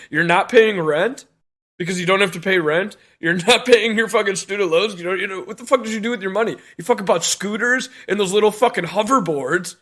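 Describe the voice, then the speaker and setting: Bright-voiced man ranting, swearing hard. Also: high-pitched, fairly quick. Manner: angry, swearing, laughing between bursts. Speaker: podcast co-host. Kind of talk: profane rant on a podcast.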